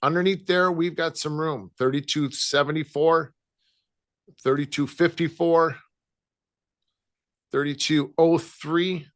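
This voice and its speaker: A man with a Chicago accent, casually talking through gold price levels as a trading analyst, with many halting restarts. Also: a little high, fairly even intonation, fairly bright tone. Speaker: futures trading guest analyst. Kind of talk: casual market talk.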